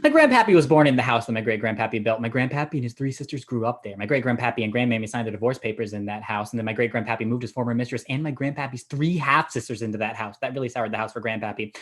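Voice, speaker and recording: A young actor playing a deadpan young man afraid of buildings, pedantic and rambling when he tells a story. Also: mid-range voice, rapid-fire, hardly any pauses, close to an everyday voice. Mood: storytelling. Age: young adult. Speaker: actor in a student comedy sketch. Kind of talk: stage comedy dialogue.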